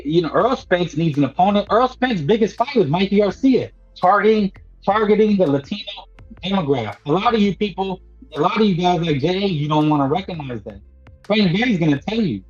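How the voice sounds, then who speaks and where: Holding forth on boxing in a casual monologue, a man with a high voice preaches emphatically, says things more than once, and keeps dropping "man" into his lines. The sound is dull and lo-fi, with faint music beneath.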